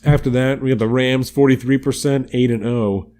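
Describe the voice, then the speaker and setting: A man's voice: mid-range voice, fairly even intonation, moderate pace, dark tone, a little hiss or hum. A man co-hosting a podcast, chatting casually and a bit profanely while he runs through his football picks and odds. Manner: profane, laid-back, reads off picks and odds. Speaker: podcast co-host. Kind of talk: casual sports chat.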